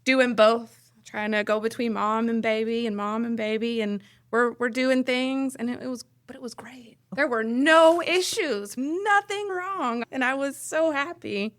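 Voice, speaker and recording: A woman's voice: on the high side, fairly even intonation, moderate pace, few pauses, smooth, no room sound, studio quality. A woman paramedic speaking candidly as a guest on a podcast, telling stories from her work. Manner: candid, storytelling, blunt. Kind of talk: casual podcast interview.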